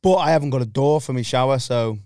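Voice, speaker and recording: A man talks in loose, rambling podcast banter, swearing freely and breaking into laughs. His voice is smooth and resonant, and the sound is dry and close, with no room around it. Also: mid-range voice, fast, mellow, no room sound. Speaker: stand-up comedian, podcast guest. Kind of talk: casual banter.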